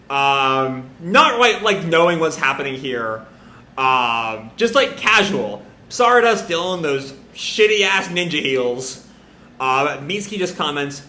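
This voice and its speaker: A man's voice: on the high side, very animated, a little slow, sharp tone. A man giving casual, rambling commentary while reading a comic aloud live. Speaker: manga reaction host. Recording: roomy echo.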